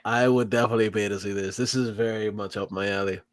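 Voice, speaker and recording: A man's voice: fairly low pitch, fairly even intonation, fast talker, dry recording. A man co-hosting a podcast, chatting casually and enthusiastically about movie trailers, laughing often. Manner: enthusiastic, laughs often, drops to a whisper at times. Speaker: podcast co-host.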